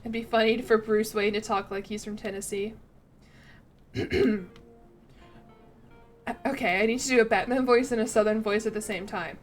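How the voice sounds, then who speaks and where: A woman's voice: mid-range voice, fairly even intonation, normal speed, pauses often, soft background music. A woman game streamer chatting casually and rambling a little, reading chat and poking fun at herself as she plays. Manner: chatty, rambling, self-deprecating, reads out chat.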